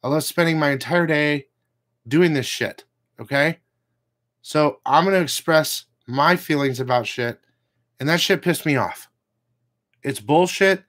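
A man's voice: fairly high pitch, measured pace, long pauses, a bit bright. A man hosting a comic book channel, ranting casually to his viewers, blunt and profane, with rambling asides.

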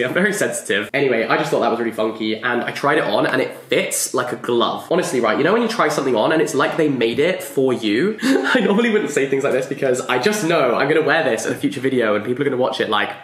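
A young man talks straight to camera in a relaxed vlog, trading quick asides and self-mocking jokes. His voice sits at an ordinary middle pitch. The room around him adds a noticeable echo. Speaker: book vlogger. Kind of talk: casual vlog chat to camera. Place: his flat, indoors. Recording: roomy indoor echo.

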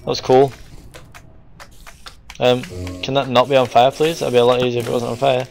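Excitable young man narrating his gameplay. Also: medium pitch, fairly quick, vocal fry, soft background music, low-quality recording. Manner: excitable, frustrated outbursts at enemies; talks to the viewers. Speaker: gaming video host. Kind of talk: casual gameplay commentary.

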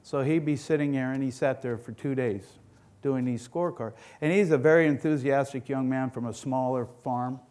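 A man's voice: medium pitch, moderate pace, a little mellow. A middle-aged man who owns a dairy farm gives a conference presentation, telling stories in a folksy, rambling way, often restarting and repeating words. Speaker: dairy farm owner giving a talk.

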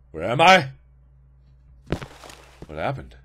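A man's voice: medium pitch, sing-song, unhurried, a little hiss or hum. Jumpy, yelping man playing a horror game. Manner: jumpy, shouts and yelps at scares, talks to the game. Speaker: let's play gamer. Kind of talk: horror gaming commentary.

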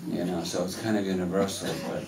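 A man on a film Q&A panel, talking in a rambling, animated way and laughing as he tells stories in a cinema hall. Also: low voice, quick pace, distant mic, crowd noise. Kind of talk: casual live Q&A storytelling. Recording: echoey hall, mic heard from afar.

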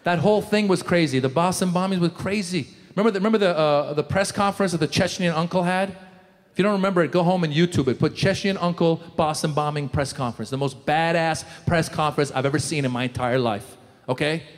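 A man doing a stand-up comedy set, animated, breaking into loud shouted character voices. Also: fairly high pitch, fairly quick. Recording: reverberant hall, faint room noise.

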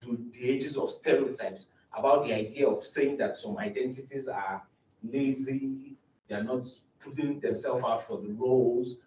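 A man's voice: medium pitch, moderate pace, darkish tone, a little hiss or hum. Young man presenting research in an echoey room. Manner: earnest, explanatory, frequent restarts. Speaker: doctoral student presenting research. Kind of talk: academic conference presentation. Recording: roomy, distant, dull lo-fi recording.

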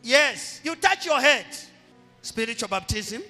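A man with a Zambian accent, a pastor leading a fervent prayer, repeating and shouting short lines. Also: very high-pitched, big pitch swings, measured pace. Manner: repetitive chanted exhortations, often shouted. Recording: echoey hall with music behind.

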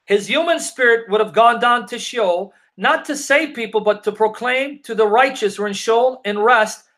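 On a live Q&A stream, a man with a very high, fairly bright voice reads scripture in a slow, deliberate cadence and responds to comments from viewers. His Bible teaching is emphatic, and he repeats his questions to hammer home every point.

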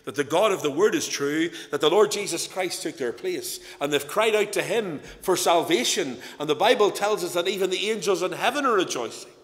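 A high, animated voice belongs to a Northern Irish lay preacher giving an evening church sermon fairly quickly with few pauses and a somewhat bright tone. He is earnest, telling stories as his emphasis rises and falls, amid the echo of a church hall.

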